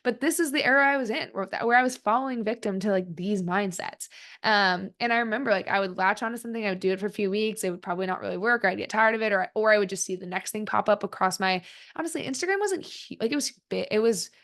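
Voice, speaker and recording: A woman's voice: medium pitch, fast, a bit bright. A woman in her twenties hosting a solo podcast, talking in a casual, candid way with plenty of "like" fillers. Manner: chatty, frequent "like" fillers, candid self-reflection. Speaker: podcast host.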